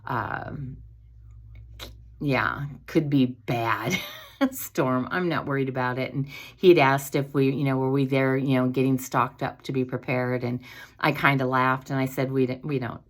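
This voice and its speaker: Low-voiced woman hosting a devotional chat. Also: fairly even intonation, measured pace. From East Coast of the United States. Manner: rambling, with restarts, fillers and light laughs. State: feeling unwell lately. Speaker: host.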